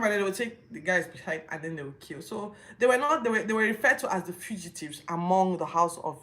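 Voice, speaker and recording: A woman's voice: fairly low pitch, lively intonation, fast talker, few pauses, a bit bright. A woman hosting a Bible podcast, retelling scripture casually with incredulous rhetorical questions. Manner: informal retelling with restarts.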